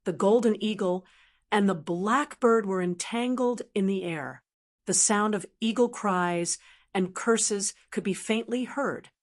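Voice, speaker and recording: Slow, even woman audiobook narrator. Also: mid-range voice. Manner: even, unhurried storytelling. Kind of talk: scripted narration.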